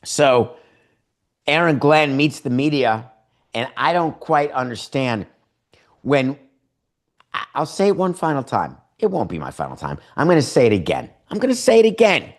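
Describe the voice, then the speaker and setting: A man's voice: mid-range voice, sing-song, measured pace, pauses often. A man hosting a sports podcast, giving sarcastic opinions full of rhetorical questions and acted-out imagined dialogues.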